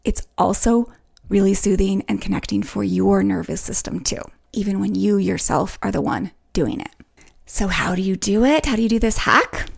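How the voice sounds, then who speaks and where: A woman hosting a solo podcast, talking in a melodic, playful way that swoops up in pitch to make her points. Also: moderate pace, vocal fry. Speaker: podcast host.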